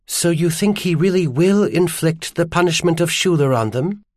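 A man voicing a distressed young noblewoman in an audiobook, lifting his pitch into an earnest, pleading tone. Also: moderate pace, no room sound, studio quality, lightly acted. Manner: raised pitch, softened pleading delivery. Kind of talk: audiobook character voice.

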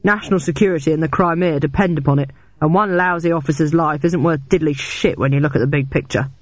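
A man's voice: a little high, steady tone, no room sound, close to an everyday voice. A man doing a cold, ruthless government heavy. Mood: threatening. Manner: slow, threatening. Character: menacing male government agent, cold and ruthless.

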